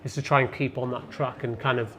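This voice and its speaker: A man's voice: mid-range voice, fairly even intonation, fairly quick, fairly bright tone. Give me a man filmmaker chatting hesitantly in an interview. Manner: hesitant, lots of ums. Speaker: independent filmmaker. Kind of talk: casual interview.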